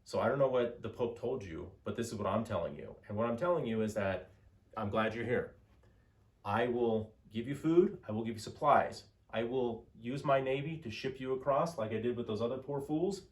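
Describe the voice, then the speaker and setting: A man's voice: mid-range voice, normal speed, echoey room, close to an everyday voice. A man voicing a stern, commanding emperor. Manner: stern, lays down terms. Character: proud commanding male Byzantine emperor.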